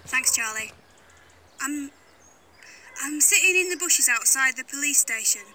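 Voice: sits high, animated, unhurried, sharp tone, full character voice. An actor playing a lookout who reports urgently from hiding in bushes. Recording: outdoor noise, distant.

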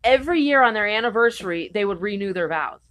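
A woman's voice: medium pitch, lively intonation, fast talker, fairly bright tone. Rambling, irreverent woman co-host. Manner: rambling and irreverent, swears freely. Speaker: podcast co-host. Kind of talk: casual chat.

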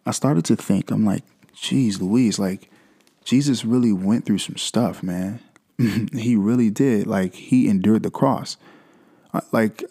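A man's voice: on the low side, gravelly, mellow. A young man hosting a devotional podcast, talking through scripture in a loose, conversational way with frequent "right?" asides. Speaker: podcast host. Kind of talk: casual devotional podcast talk.

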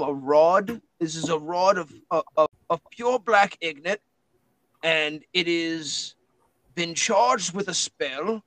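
A man's voice: a little high, fairly bright tone, no room sound, low-quality recording. A man voicing a cheeky, self-important male spellbook familiar with a New Zealand accent, in a tabletop game. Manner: chirpy, humming, self-important.

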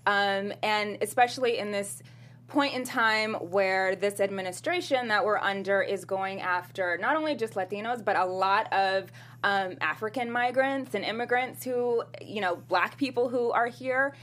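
Woman leading a lively panel chat. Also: medium pitch, normal speed. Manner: leads topics, animated. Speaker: host.

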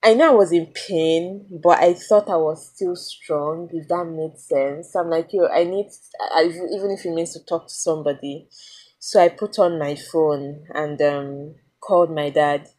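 A woman's voice: low-pitched, fairly even intonation, a little slow, darkish tone. A young woman with a Nigerian accent telling a personal story in a casual vlog, candid and confiding, with plenty of fillers and restarts. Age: young adult. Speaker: vlogger.

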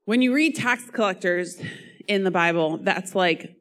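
Hoarse woman giving an earnest sermon, voice half gone, keeps coughing. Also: medium pitch, a little slow, fairly bright tone. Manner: earnest, coughs and laughs between phrases. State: hoarse, losing her voice. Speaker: preacher.

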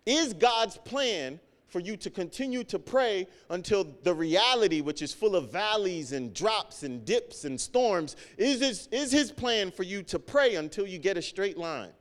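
Earnest preacher in a reverberant hall. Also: male voice, fairly high pitch. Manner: earnest, repeats phrases for emphasis, swings loud and soft. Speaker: pastor. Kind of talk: sermon.

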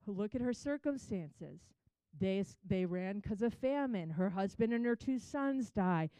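A woman's voice: mid-range voice, animated, unhurried, mellow, clean tone, dry recording. A woman giving a chatty, conversational Bible teaching, retelling scripture in her own words.

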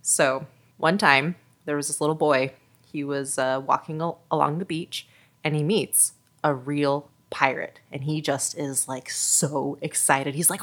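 A woman's voice: sits low, fairly even intonation, normal speed, a bit bright. A woman on a podcast telling a joke in a bubbly, giggly, casual way.

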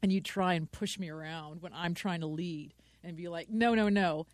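A woman's voice: fairly low pitch, steady tone, normal speed, no echo. A woman co-hosting a talk show in a casual chat, giggly, rambling and playfully pushy. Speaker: podcast co-host.

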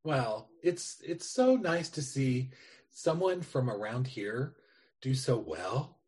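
A man's voice: medium pitch, big pitch swings, slow, a little mellow, husky. Rambling chatty male co-host. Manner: chatty, rambling, self-deprecating. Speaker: podcast co-host. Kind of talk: casual podcast chat.

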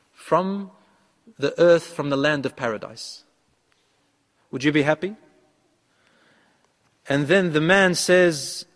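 A man's voice: a little high, in a large hall. A man preaching a sermon, who retells a story and acts out the lines of the man in it.

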